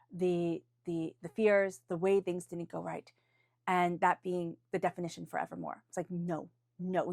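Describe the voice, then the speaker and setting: In a clean, dry studio recording, a woman with a lowish, gravelly, slightly mellow voice gives a weekly tarot reading. She speaks spontaneously in a sincere, encouraging way, often restarting phrases and now and then invoking angels and spirit guides.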